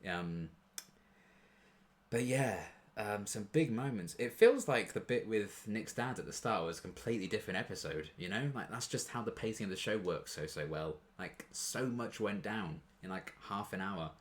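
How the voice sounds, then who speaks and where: A man's voice: lowish voice, expressive, moderate pace. A young man chatting casually in a reaction video, rambling and gushing with restarts and fillers.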